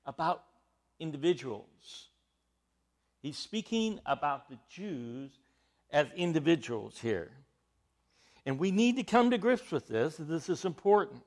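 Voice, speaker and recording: A man's voice: fairly high pitch, a bit bright. A man preaching a sermon, teaching from scripture in an emphatic way, with frequent rising bursts of emphasis.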